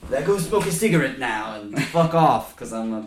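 A podcast host rants in loose, profane film chat, laughing often as he goes. His pitch swings widely, and he sits back from the mic in an echoey room, so his voice sounds roomy and distant. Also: lively intonation, moderate pace. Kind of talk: casual film-review chat.

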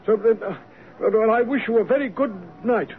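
A man's voice: high voice, moderate pace, close to an everyday voice. An actor playing a flustered, loyal male doctor who also narrates a radio drama, with a hesitant, stammering manner. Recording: tinny lo-fi radio broadcast with faint hiss.

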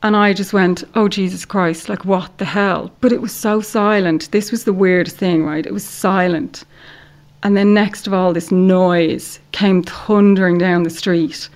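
Irish woman, podcast guest, casual animated storytelling, frequent "like", medium pitch. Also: unhurried. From Ireland. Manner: animated storyteller, heavy use of "like".

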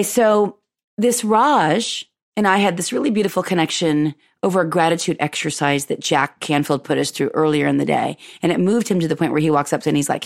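A podcast host with a lowish, vocal-fry voice tells her listeners a personal story briskly, in an effusive, chatty way. She laughs often and slips into the voices of people she quotes, talking straight to her audience.

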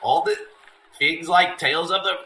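A man's voice: on the high side, normal speed, bright, forceful tone, roomy sound, rough recording. A man riffing and joking over a movie, rambling with lots of fillers.

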